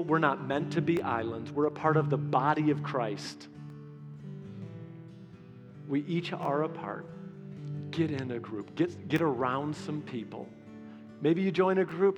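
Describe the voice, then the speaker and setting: Male pastor, slightly high voice, chatty sermon, long hall reverb, faint guitar behind. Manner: conversational, animated storytelling with acted-out quotes.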